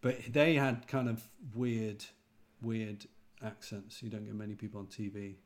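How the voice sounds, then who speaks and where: An English man with a North Midlands accent chats on a podcast. He is relaxed and rambling, circling back to fix his own sentences as he goes. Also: on the low side, measured pace. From England. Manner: relaxed, rambling, self-correcting. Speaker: preacher. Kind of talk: casual podcast chat.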